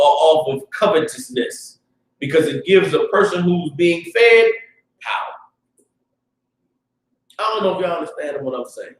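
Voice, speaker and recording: A high-voiced man with a Southern US accent preaches in a fiery, loose street style, breaking into shouts at his peaks. He stands back from the mic in a very echoey room. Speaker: class teacher. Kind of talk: preaching class, casual street talk. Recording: roomy echo, distant mic.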